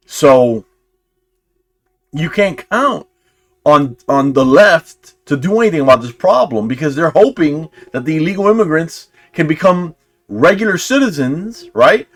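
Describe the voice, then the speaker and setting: Animated young man with a lively pitch. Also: normal speed. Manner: animated, sarcastic, talks in restarts and slang like "dude" and "bro". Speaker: commentary channel host. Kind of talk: casual reaction commentary.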